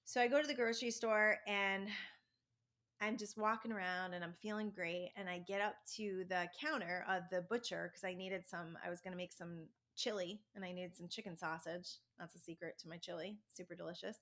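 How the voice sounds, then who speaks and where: A woman's voice: on the low side, a little fast. A middle-aged woman hosting a self-help podcast, telling personal stories in a chatty, upbeat way. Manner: chatty storytelling, animated and upbeat. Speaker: podcast host. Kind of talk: casual spiritual self-help monologue.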